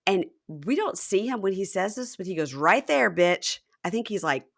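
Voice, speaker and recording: A woman's voice: medium pitch, brisk. A woman hosting a podcast, recapping a reality show in casual chat and acting out what the people said. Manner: animated, mimics people in quotes.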